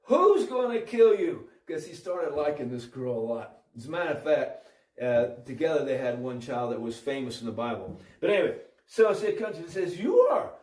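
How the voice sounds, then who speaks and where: A man's voice: mid-range voice, fairly quick, far from the mic. Man preaching a Bible story, echoey. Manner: animated, acts out voices, many restarts. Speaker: religious storyteller. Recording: roomy audio from off-mic.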